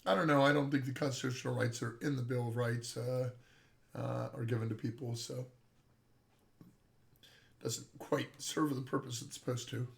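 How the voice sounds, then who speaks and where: A man's voice: medium pitch, fairly even intonation, moderate pace, vocal fry, pauses often. A man co-hosting a game developers' livestream, coughing now and then and making dry, wry puns. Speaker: co-host of a game developers' stream. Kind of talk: casual livestream chat.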